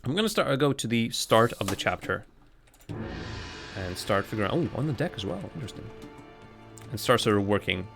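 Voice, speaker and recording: A man's voice: fairly low pitch, big pitch swings, moderate pace, gravelly, pauses often, over music. A man streaming a game live, thinking aloud in casual commentary with frequent restarts.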